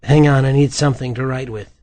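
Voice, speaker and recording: A man's voice: mid-range voice, fairly even intonation, quick pace, warm tone, no room sound, voice pushed up, natural voice. A man voicing a female police detective who talks in a clipped, dry way in an audiobook. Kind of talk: audiobook character voice.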